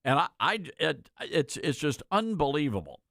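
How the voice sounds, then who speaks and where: A man's voice: a little high, sing-song, creaky, a bit bright, dry recording, clean studio sound. A man hosting a talk radio show, giving sarcastic, indignant commentary and taking calls. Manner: sarcastic, indignant, quick asides.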